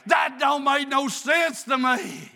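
A man preaching a fervent sermon, often breaking into shouts. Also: very high-pitched, animated, slow pace, vocal fry.

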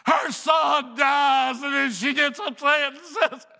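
A man preaching a fervent sermon, often breaking into shouts. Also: extremely high pitch, steady tone, slow pace, gravelly.

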